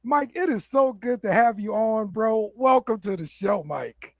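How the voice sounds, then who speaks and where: A man with a high-pitched voice hosts a casual sports podcast, speaking unhurriedly over a noisy background. His easygoing delivery includes stumbles, repeated words, and calling people "bro."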